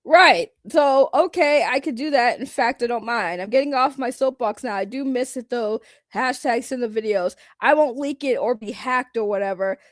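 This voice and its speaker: A woman giving casual reaction commentary, animated and blunt, laughing often with slangy talk. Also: on the high side, moderate pace, hardly any pauses, no echo, clean studio sound. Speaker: reaction streamer.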